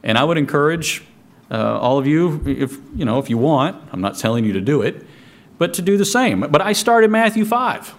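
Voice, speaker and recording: A man's voice: fairly high pitch, very animated, normal speed. A man preaching a sermon in a conversational way, reading scripture aloud and stopping to restart his sentences. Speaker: pastor.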